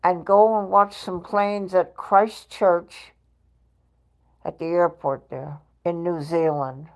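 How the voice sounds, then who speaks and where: Slow-talking woman chatting on a livestream. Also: on the low side, steady tone. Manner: chatty, laughs often, reads chat aloud. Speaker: livestream host. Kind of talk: casual live-stream chat. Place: at home.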